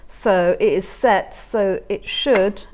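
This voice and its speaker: A woman's voice: medium pitch, slow pace, a little mellow. A woman guest demonstrating appliqué on a live craft broadcast, explaining each step plainly and practically. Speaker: quilting tutor guest.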